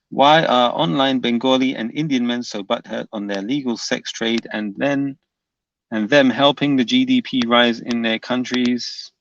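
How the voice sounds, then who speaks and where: A man's voice: mid-range voice, vocal fry, a bit bright, no room sound. A man hosting a livestream, reading chat comments aloud and answering them with dry, unbothered banter. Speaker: livestream host. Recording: dull dry lo-fi mic.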